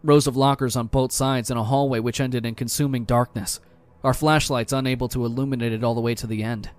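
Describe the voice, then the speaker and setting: A man's voice: medium pitch, steady tone, brisk, soft background music. Man narrating a tense horror story. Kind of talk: scripted first-person horror narration.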